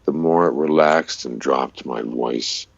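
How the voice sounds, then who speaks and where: Very deep resonant guy explaining voice stuff, chatty, sounds a bit muffled. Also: takes it slowly, no echo. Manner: explains vocal technique in an easy, chatty way. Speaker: guest, voice-over artist and radio DJ. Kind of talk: casual interview chat.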